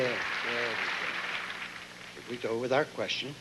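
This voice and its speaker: A man hosting a pageant, interviewing contestants on stage with quick, joking banter. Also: mid-range voice, animated, a loud crowd. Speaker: pageant host. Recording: noisy live stage recording.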